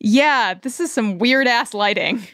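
A woman co-hosts a TV recap podcast, trading dry, sarcastic remarks. Her voice is slightly high, smooth and crisp, and the recording is close and dry. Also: lively intonation, a little slow, fairly bright tone, no room sound. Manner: wry, sarcastic quips. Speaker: podcast co-host. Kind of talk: casual TV recap chat.

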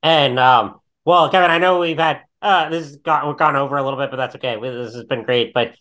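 Bright-voiced male podcast host. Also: mid-range voice, brisk. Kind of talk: casual interview talk.

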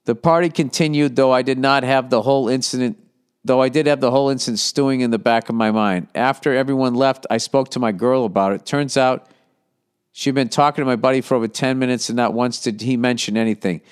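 A man's voice: mid-range voice, steady tone, a little fast, smooth. A man hosting a podcast, reading listener letters and giving blunt, profane, rambling advice with mock exasperation. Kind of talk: casual profane advice rant.

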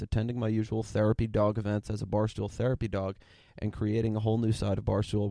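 A man's voice: lowish voice, warm tone, no room sound, clean studio sound, close to an everyday voice. A man voicing an eager female dog applying for a job, lisping his R sounds as W sounds in a cutesy way. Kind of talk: reading a submission aloud in a dog voice.

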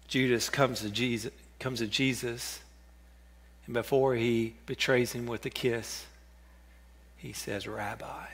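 A man preaching a sermon in an earnest way, with a bright, forward tone. He repeats names and phrases and drops to a near hush for the quoted words of scripture. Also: on the high side. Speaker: pastor.

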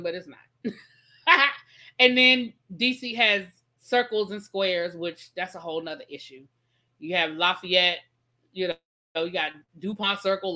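Bright-voiced woman hosting a chatty live stream. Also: medium pitch. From Washington, D.C. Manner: chatty, explains patiently, reads out viewer comments. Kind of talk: casual live-stream chat.

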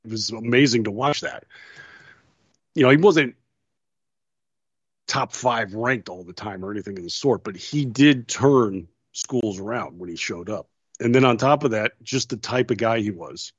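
A man's voice: on the low side, moderate pace, husky, dry recording. Male co-host, anecdotal storyteller, dull and dry lo-fi sound. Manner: storytelling, quotes others with laughs. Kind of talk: casual chat.

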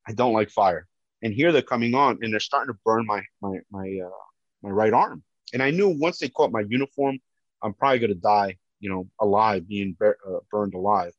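A man with a big, loud voice, a police officer giving personal testimony. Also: fairly low pitch, moderate pace, no room sound. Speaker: police officer telling his story. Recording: dull, dry lo-fi recording.

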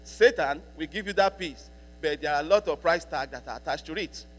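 A man preaching a sermon as a pastor, repeating key lines for emphasis and slowing down to read scripture. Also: on the high side. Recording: long hall reverb with mains hum.

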